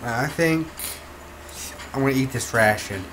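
A man's voice: medium pitch, moderate pace. A man casually commenting while playing a video game, chatting through each move. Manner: chatty, talks through gameplay. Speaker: gamer host. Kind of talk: casual let's-play commentary. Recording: noticeable background noise.

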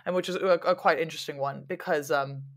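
A woman historian talking as a guest in a casual interview, animated and digressive, breaking into quick laughs and playful mock quotes. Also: low-pitched. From lives in London.

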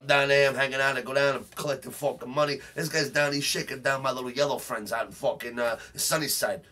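A man's voice: medium pitch, steady tone, fast talker. A man doing a brash Brooklyn tough guy. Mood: threatening. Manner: boastful, profane, shouting rants. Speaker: comedic character host. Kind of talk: comedic character monologue.

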